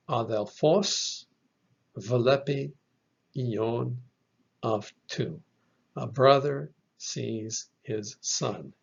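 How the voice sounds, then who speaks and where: A man teaching a slide lesson, explaining slowly and patiently with the odd filler. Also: medium pitch, creaky, slightly rough. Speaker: Bible language teacher. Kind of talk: slide lecture. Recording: dull lo-fi recording.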